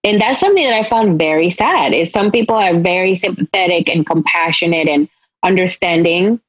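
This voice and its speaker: A woman's voice: on the low side, lively intonation, brisk, no echo. Woman with a Spanish accent, dull lo-fi sound. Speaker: podcast host. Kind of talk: casual interview chat.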